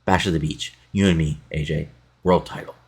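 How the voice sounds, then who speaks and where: A man's voice: extremely low pitch, fairly even intonation, normal speed, breathy edge, full character voice. A man reading out the lines of a boastful male wrestler who taunts the champion. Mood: taunting. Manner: trash-talking, read aloud plainly.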